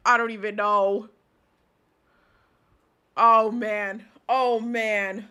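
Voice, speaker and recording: A woman's voice: mid-range voice, little pitch movement, drawn-out words, pushed and bright, clear, resonant tone. A young woman streamer giving casual live commentary, rambling and heated, with lots of restarts and swearing.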